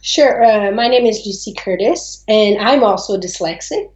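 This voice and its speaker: A woman's voice: medium pitch, moderate pace, darkish tone. A woman from America speaking as a guest over a video call, earnest and a little hesitant. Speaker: interview guest. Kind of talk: casual interview on a video call. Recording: echoey, dull video-call audio.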